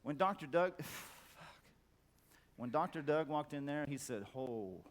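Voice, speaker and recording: A middle-aged man giving a profane conference talk, blunt and emphatic, stacking repeated words for effect. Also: measured pace. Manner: acts out quoted voices in a loud high squawk. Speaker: conference speaker. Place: conference hall.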